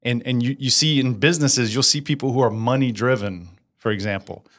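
Energetic man in a casual interview. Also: mid-range voice, brisk. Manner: energetic, asks for agreement with frequent "right?". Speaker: business implementer, guest.

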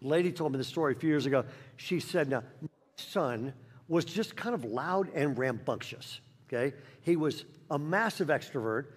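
High-voiced guy preaching, storytelling, big echoey church hall. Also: moderate pace, breathy edge. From Northern California. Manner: animated storyteller acting out voices. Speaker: guest pastor. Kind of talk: sermon with storytelling. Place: large church auditorium.

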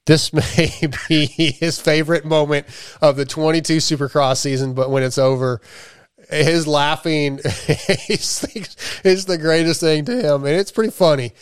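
A man's voice: on the high side, fairly even intonation, measured pace, clear, resonant tone, dry recording, studio quality. A man hosting a podcast, chatting loosely and joking, with casual swearing. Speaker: podcast host. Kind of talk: casual chat.

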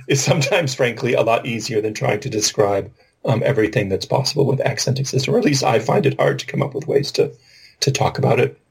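A man co-hosting a podcast, with a slightly husky voice at a middle pitch. He explains patiently and thinks out loud, laying out one point after another in a relaxed, conversational way. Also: a little fast. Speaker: podcast co-host. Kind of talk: casual linguistics discussion.

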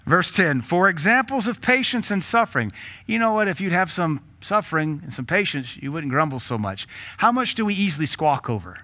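Blunt, bright-voiced pastor preaching. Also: male voice, on the high side, very animated, brisk. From Tennessee. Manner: blunt, humorous preaching with rhetorical questions; laughs between points. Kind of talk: sermon.

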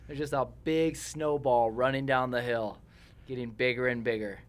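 A man's voice: mid-range voice, fairly even intonation, normal speed. A man co-hosting a casual radio talk show and making dry wisecracks. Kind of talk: casual chat.

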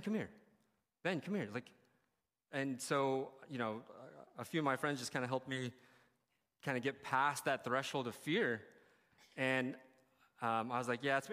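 A man's voice: medium pitch, pushed and bright. A man preaching a sermon, telling a personal story in a candid, conversational way that turns emotional. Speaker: pastor. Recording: long hall reverb.

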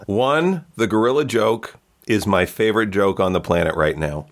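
A man's voice: lowish voice, normal speed. A man hosting a comedy podcast, giving short encouraging replies in casual chat. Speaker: podcast host.

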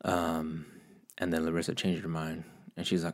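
Deep-voiced man, casual rambling vlog monologue, lots of swearing, self-mocking. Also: monotone, moderate pace, fairly bright tone. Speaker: vlogger.

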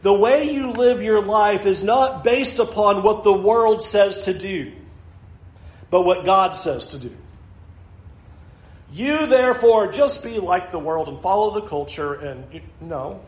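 A man's voice: high-pitched, expressive, unhurried, echoey room, rough recording. A male pastor preaching a sermon, earnest and building to emphatic challenges.

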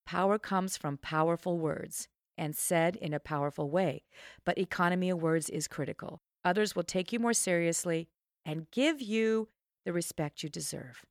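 A woman's voice: normal speed, no echo, studio quality. Emphatic woman host, punchy coaching tone. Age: middle-aged. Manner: emphatic, animated coaching tone with sudden high swoops. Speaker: podcast host and trainer. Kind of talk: self-help podcast monologue.

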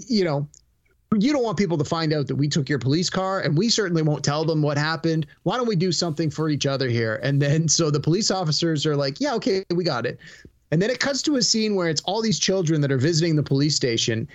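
A man's voice: on the high side, lively intonation, a little fast, dull audio. A man on a podcast recounting a comedy movie scene in a casual chat, quoting the characters as he goes. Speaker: podcast co-host.

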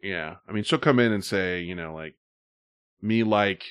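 A man's voice: low voice, moderate pace, fairly bright tone, clear, resonant tone, no room sound, clean studio sound. A man co-hosting a stream in rambling, casual talk, swearing often, with loose asides and fillers. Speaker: stream co-host. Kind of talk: casual profane chat.

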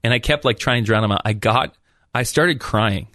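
A man on a radio show tells his faith story in an earnest, storytelling way, breaking into small laughs. His voice sits in a middle pitch. The sound is dry, like a close studio mic. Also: moderate pace, pushed and bright, no room sound. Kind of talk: testimony and prayer.

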